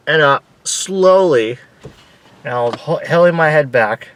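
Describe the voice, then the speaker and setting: A young man casually telling a story in an excitable, animated way, swearing now and then and acting out his own screams. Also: on the high side, takes it slowly. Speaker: vlogger.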